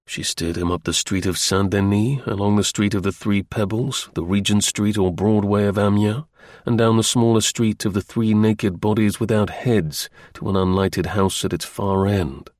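Low-voiced man reading a novel. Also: fairly even intonation, normal speed, darkish tone, no echo, clean studio sound. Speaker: narrator. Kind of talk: scripted audiobook narration.

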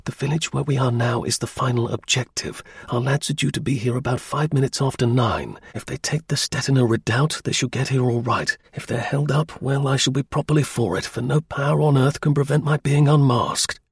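A male reader gives voice to a cool, audacious officer hiding behind a German disguise. His speech is clipped and breezy, slightly husky, and sits in a dry, close sound, like a storybook adventure hero. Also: medium pitch, fairly quick, hardly any pauses, dry recording. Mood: brisk.

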